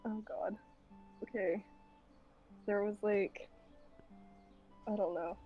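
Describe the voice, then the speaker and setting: A woman chatting casually as a guest on a livestream, giggly and rambling, and a bit hoarse from losing her voice. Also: mid-range voice, fairly even intonation, slow pace, narrow, tinny audio, soft background music. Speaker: guest streamer. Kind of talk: casual chat while livestreaming.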